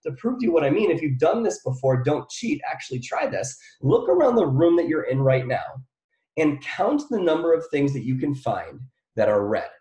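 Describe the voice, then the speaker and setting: A man delivers an energetic motivational talk to a room full of listeners, quizzing them and repeating his phrases over and over. His voice sits a little high with a soft, mellow tone. The sound rings with the echo of the room. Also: moderate pace. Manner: energetic, repeats phrases, asks the crowd questions. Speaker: motivational speaker. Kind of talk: live motivational talk to an audience. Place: room with an audience.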